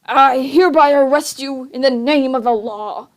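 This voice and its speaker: A woman voicing an exasperated, stiff male banker in a storybook reading, loud and formal. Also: high-pitched, moderate pace.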